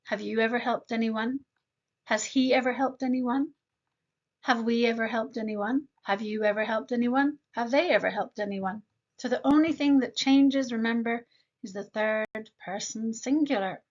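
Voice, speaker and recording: A woman with a fairly high voice leads a grammar lesson, speaking each example sentence slowly and with care. She often turns straight to the learner with quick questions. The audio sounds dull and lo-fi. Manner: slow, deliberate modeling of example sentences. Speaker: English grammar teacher.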